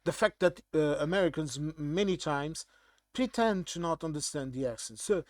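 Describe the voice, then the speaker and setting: Brief: Portuguese-accented man, blunt emphatic commentator, fairly high voice, dry close mic. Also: normal speed, a little mellow, no echo. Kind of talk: casual monologue commentary.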